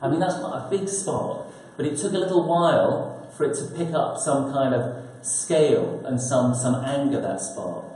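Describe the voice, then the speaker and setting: A man's voice: medium pitch, normal speed, few pauses, darkish tone, slight background noise. A man, an author, giving a thoughtful talk at a press conference and posing rhetorical questions. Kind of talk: prepared talk to an audience. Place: conference hall. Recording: very echoey conference room.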